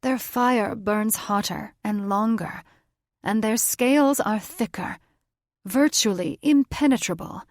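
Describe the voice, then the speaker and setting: A woman's voice: mid-range voice, takes it slowly, no echo, clean studio sound, voice pushed up. A woman voicing an old grandmother witch who speaks fearfully and sighs, in a fantasy audiobook. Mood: urgent. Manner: fearful, sighing.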